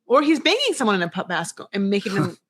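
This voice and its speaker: A woman hosting a podcast, chatting casually in a lively, rambling way about a reality show. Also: mid-range voice, fast, slightly rough. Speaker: podcast host.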